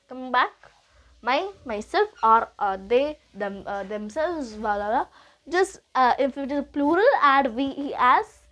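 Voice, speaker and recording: A young woman with a high voice and an Indian English accent teaches grammar in an unhurried classroom manner. She repeats each point and drops into Hindi to explain things. She talks to the learner as a teacher would.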